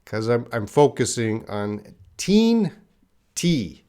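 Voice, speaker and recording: Male English teacher, live class, slow and careful delivery, reads chat aloud. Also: fairly low pitch. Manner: slow, deliberate, drills words for students to repeat; chats with viewers, reading the live chat aloud. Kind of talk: live-streamed English lesson.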